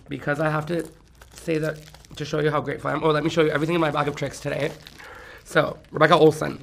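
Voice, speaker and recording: A man's voice: a little high, creaky, slightly rough. A man in casual celebrity gossip chat, campy and rambling, laughing often and breaking into song.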